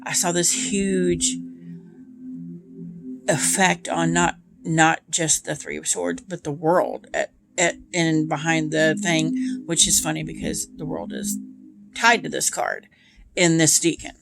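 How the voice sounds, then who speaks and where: A woman tarot reader chats casually to her viewers on camera, full of ums and asides and talking about feelings. Her voice is low with vocal fry, her pace slow, and music plays underneath.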